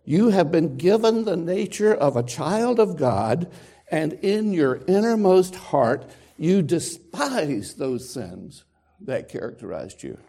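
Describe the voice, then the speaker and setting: A man preaches to his congregation in a slow, deliberate, emphatic way, leaning on dramatic pauses. His voice is gravelly and dark, and his pitch swings widely as he presses each point. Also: sing-song. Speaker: pastor. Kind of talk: sermon. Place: church sanctuary with congregation.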